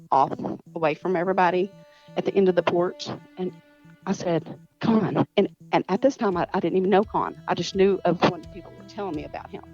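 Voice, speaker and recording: A woman's voice: fairly low pitch, a little mellow, muffled recording. A woman telling a story in a casual interview, rambling with restarts and acting out the dialogue she recalls. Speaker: guest, cousin of the missing woman.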